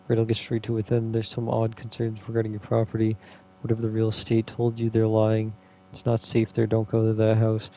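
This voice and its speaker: A man's voice: fairly low pitch, completely flat delivery, brisk, few pauses, dark tone, a little hiss or hum, lightly acted. A man reading aloud the lines of a polite, anxious neighbour issuing warnings in a game. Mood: earnest.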